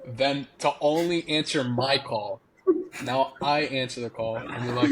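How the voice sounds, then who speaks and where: A man's voice: medium pitch, unhurried, crowd noise, low-quality recording. A young man in his twenties telling a funny story in casual podcast chat, laughing often as he goes. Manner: laughing, animated anecdote telling. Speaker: podcast guest.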